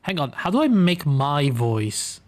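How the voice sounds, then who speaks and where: A man's voice: on the high side, very animated, measured pace. A young man streaming a game live, chatting casually, thinking aloud, trailing off and chuckling often.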